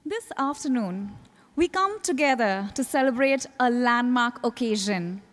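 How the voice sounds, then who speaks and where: A woman hosting a formal listing ceremony as emcee, welcoming dignitaries in a polished, announcing manner. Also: sits high. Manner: polished, announcing names with rising emphasis. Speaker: event emcee.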